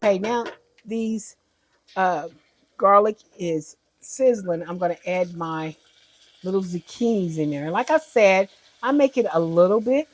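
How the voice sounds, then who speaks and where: A home cook gives a casual cooking demonstration in her kitchen, chatty and homey, frequently correcting herself along the way. Her voice is medium-pitched, animated, and a little slow.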